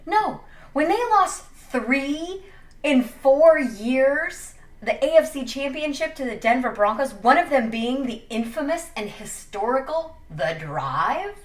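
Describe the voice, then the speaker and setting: Young woman sports vlogger, sassy and jokey, swinging pitch, echoey room with a distant mic. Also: sing-song, slow. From Wyoming. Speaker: sports commentator. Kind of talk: casual opinion vlog.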